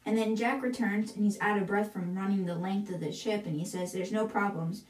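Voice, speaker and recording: A woman's voice: mid-range voice, fairly even intonation, a little fast, a little mellow. A woman hosting a podcast, casually retelling a book's chapters in a chatty way, often slipping into quotes with "she's like". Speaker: podcast host. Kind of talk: casual book recap. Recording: roomy echo, distant from mic.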